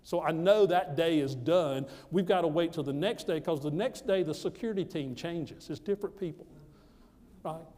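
A man from the United States, pitched a little high for a man, preaching a personal testimony with emphatic, repetitive storytelling. His voice rings out in a hall with a long, lingering reverb. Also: normal speed, mellow. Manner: emphatic, repeats phrases for effect. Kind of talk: storytelling sermon.

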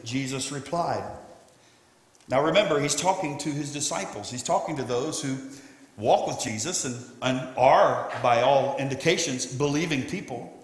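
A male pastor delivers an emphatic sermon, driving his points home and swelling to shouts. His voice sits high for a man. The sound is echoey, with a long reverb tail like a large church hall. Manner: emphatic preaching that swells to shouting on key lines. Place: church sanctuary.

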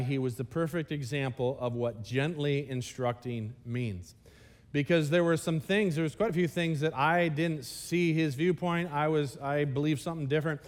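A man preaching a sermon at a church service, talking conversationally and with energy, often turning to the congregation with asides. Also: a little high. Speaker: pastor.

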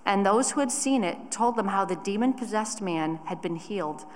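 A woman reading a scripture passage aloud in a measured, deliberate way during a church service. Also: medium pitch, expressive, a little mellow. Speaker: scripture reader. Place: church sanctuary. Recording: long church reverb.

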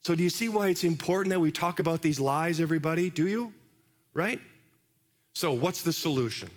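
Conversational preacher, slightly high voice. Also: male voice, animated, a little fast. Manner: conversational, asks the congregation questions. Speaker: pastor. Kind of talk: sermon. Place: large church hall. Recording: long hall reverb.

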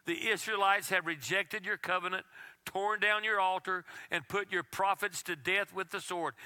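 A man preaching a sermon as pastor, reading scripture aloud and at times dropping his voice to a hush. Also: sits high, fairly even intonation, moderate pace. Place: church.

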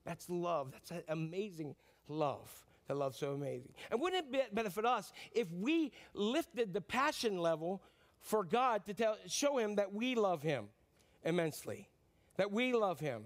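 High-voiced man preaching conversationally. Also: very animated, a little slow. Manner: conversational, repeats phrases, asks the congregation questions. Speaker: pastor. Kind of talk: sermon.

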